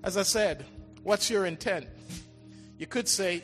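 A man preaching a sermon, swinging between loud calls and hushed, drawn-out lines. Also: high-pitched. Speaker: pastor. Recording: large reverberant hall with faint music.

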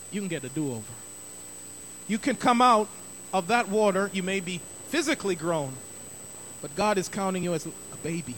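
Bright high-voiced male preacher. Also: a little hiss or hum. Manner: emphatic, repeats key phrases for stress. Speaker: pastor. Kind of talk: sermon.

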